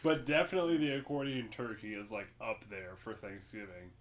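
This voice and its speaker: A man's voice: lowish voice, steady tone, brisk. A young man co-hosting a podcast, chatting in a rambling, casual way. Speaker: podcast co-host. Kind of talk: casual chat.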